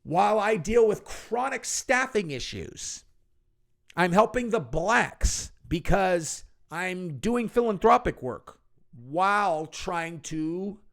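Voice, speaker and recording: A man's voice: high-pitched, animated, slow, creaky, fairly bright tone, full character voice. A man voicing a snobbish, out-of-touch rich woman who speaks in an indignant, mocking tone.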